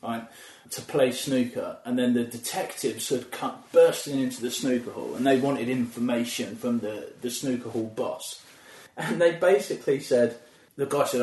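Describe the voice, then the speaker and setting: Guest actor, man, animated anecdotal delivery, mid pitch, echoey room. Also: normal speed, distant mic. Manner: lively storyteller, often laughing. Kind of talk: anecdotal storytelling in casual chat. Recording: roomy echo.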